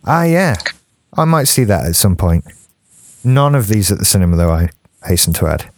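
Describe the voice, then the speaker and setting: A man's voice: fairly low pitch, sing-song, moderate pace, no echo. Chatty man with a dry sound. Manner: chatty, laughs often. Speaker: podcast co-host. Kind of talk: casual chat.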